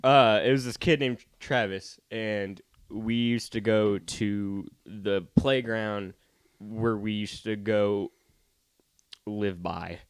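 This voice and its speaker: A man's voice: on the low side, fairly even intonation, slow, smooth, no room sound, studio quality. A young man on a podcast telling rambling childhood stories in casual chat, swearing freely and acting out quotes. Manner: rambling storyteller, swears a lot, acts out quotes. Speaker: podcast co-host.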